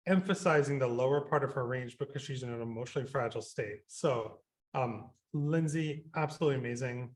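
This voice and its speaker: Guy composer chatting on the radio, lots of um and you know, lively when he quotes himself. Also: mid-range voice, fast talker. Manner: rambling, many fillers and restarts; animated when quoting himself. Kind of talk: radio interview.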